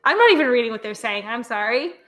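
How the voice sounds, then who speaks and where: A woman with a bright, fairly high voice banters on a game stream and reads chat messages aloud. Her tone is quick and playful. Faint game music sits underneath. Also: sing-song. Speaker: stream co-host.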